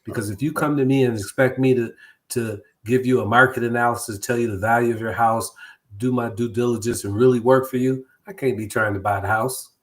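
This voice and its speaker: A middle-aged man with an ordinary mid-range voice talks through business on a call-in show. His delivery is relaxed and conversational, with restarts and repeated words. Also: medium pitch, a little fast. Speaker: guest real estate broker. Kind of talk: casual talk-show chat.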